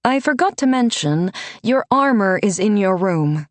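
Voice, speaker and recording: A woman's voice: mid-range voice, expressive, a little slow, dry recording, pitched above the performer's own voice, natural voice. A woman voicing a stern, devout older woman mentor who speaks fervently and firmly. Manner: fervent, scolding, firm.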